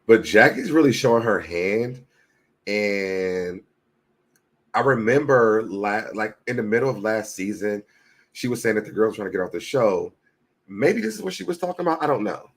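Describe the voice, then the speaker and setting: A man's voice: on the low side, animated, moderate pace. A man hosting a casual commentary show, chatting to viewers as y'all and reading social media posts aloud. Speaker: commentary channel host.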